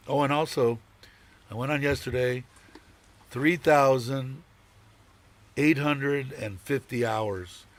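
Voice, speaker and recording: A man hosting a live stream, chatting casually and rambling, swearing now and then and chuckling often. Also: mid-range voice. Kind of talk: casual chat.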